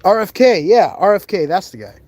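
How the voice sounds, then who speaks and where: This man's voice is high, with big pitch swings, a slightly fast pace and a somewhat mellow quality. Walking through a cemetery outdoors, he hosts a live ghost-hunting stream, chatting casually and rambling along with laughter and asides.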